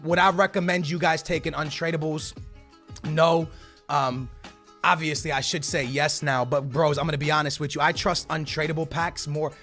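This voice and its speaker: An excitable young man with a high, gravelly voice does pack-opening commentary for a gaming channel. His voice shakes with excitement, and he stammers and keeps calling his viewers "bros". Music plays faintly behind him. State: shaky voice from excitement. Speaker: gaming YouTuber.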